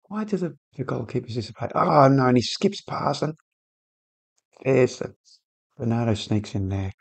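A man's voice: mid-range voice, normal speed, gravelly, slightly rough. A man hosting a football management game video, chatting casually and getting worked up at the match on screen. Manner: excitable, shouts at players on screen. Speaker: gaming channel host. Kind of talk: casual gameplay commentary.

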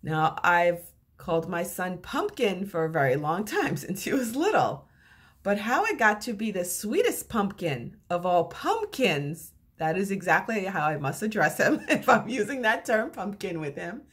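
Animated husky woman giving relationship advice. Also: moderate pace. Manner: animated storyteller with lively pitch swings. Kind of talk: casual advice monologue to camera.

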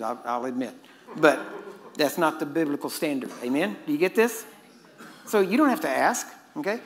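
A man preaching a sermon, emphatic and constantly quizzing his listeners. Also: fairly high pitch. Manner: emphatic, questioning the audience.

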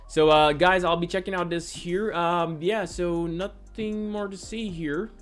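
A man from the Caribbean hosting a reaction channel, talking in a casual, excitable and apologetic way, often stammering and repeating himself. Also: high voice, a little slow, soft background music. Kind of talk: casual music reaction commentary.

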